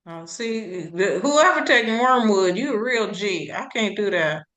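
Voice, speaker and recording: A woman co-hosting a casual herbal talk show, relaxed and chatty, laughing often. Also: medium pitch, unhurried. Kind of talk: casual chat.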